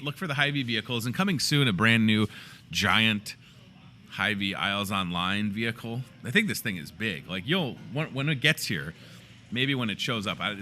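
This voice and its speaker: A young man hosts a store's daily show inside a grocery store, offering casual promotional chat in a chatty, playful manner with joking asides. His voice is on the low side, pushed and bright, and there is slight background noise.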